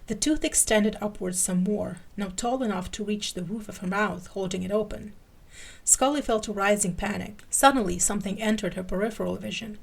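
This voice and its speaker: A woman podcast host giving an expressive dramatic reading of fan fiction. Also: mid-range voice, creaky, slightly rough.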